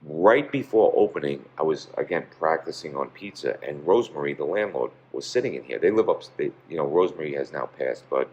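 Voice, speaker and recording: Low-voiced man telling a rambling story. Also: animated, fairly quick, hardly any pauses, darkish tone, muffled recording. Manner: rambling, many "you know" fillers. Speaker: pizzeria owner, guest. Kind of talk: casual storytelling interview.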